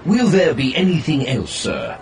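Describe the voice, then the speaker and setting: A man's voice: mid-range voice, wildly swooping pitch, moderate pace, distant mic, slight background noise, voice pushed up. A man reading an audiobook voices a fawning, chatty male flying-taxi machine with overly polite sales patter. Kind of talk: audiobook narration.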